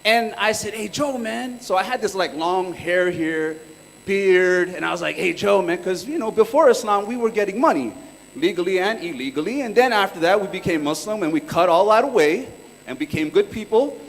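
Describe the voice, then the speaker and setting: Speaking a little fast with an animated, high-sitting voice, a workshop presenter in his thirties from California tells laid-back stories full of slang. It's a casual live talk captured in a reverberant hall.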